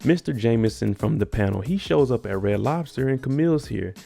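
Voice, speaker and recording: A man's voice: medium pitch, expressive, brisk, vocal fry, dark tone, faint music behind. A man casually recapping a TV episode, with laid-back, joking slang. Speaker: TV recap host.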